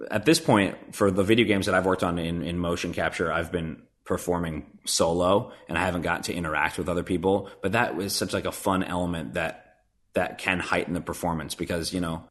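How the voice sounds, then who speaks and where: A male voice actor in a casual interview, talking earnestly and thinking aloud with many restarts. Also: sits low. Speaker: voice actor guest.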